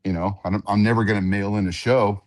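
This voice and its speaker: A man, an octagon announcer, telling animated stories in a casual radio interview and often repeating his words. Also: lowish voice, quick pace. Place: radio studio.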